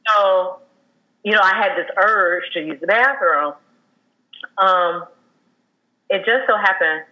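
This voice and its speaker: A woman in her thirties, a guest telling her own story in a candid, halting way, with many fillers and restarts. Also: on the low side, dull audio. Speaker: guest sharing a personal loss story.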